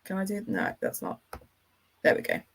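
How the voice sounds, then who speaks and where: A woman's voice: medium pitch, wildly swooping pitch, moderate pace, vocal fry, breathy edge. A woman hosting a livestream, chatting casually and enthusiastically with her viewers as she rambles from one thought to the next. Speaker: livestream host.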